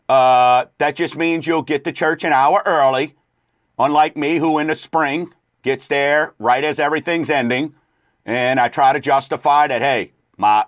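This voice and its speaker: A middle-aged man talks on a radio show in an easygoing, meandering way, stringing thoughts together with plenty of fillers. His voice sits at an ordinary pitch for a man. The sound is dry and close, with no room around it. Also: dry recording. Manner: rambling, laid-back, lots of fillers. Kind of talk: casual chat.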